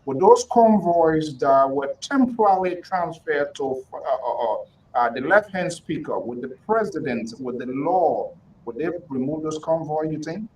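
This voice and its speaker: Male talk show host, demanding and interruptive, higher voice, set back from the mic with faint rumble behind. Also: lively intonation, normal speed, far from the mic, rough recording. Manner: forceful, interrupting, pressing guests for answers. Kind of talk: heated political talk show.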